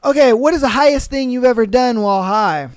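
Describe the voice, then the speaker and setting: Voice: mid-range voice, brisk, smooth, no echo. A podcast host chatting casually on a solo show, cursing freely, laughing often and reacting to listener posts.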